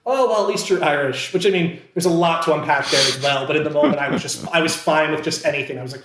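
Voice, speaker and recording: A man from Pennsylvania telling a story as a podcast guest, animated and full of fillers and restarts. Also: a little high, fast, reverberant, noisy background. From Scranton, Pennsylvania. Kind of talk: casual storytelling.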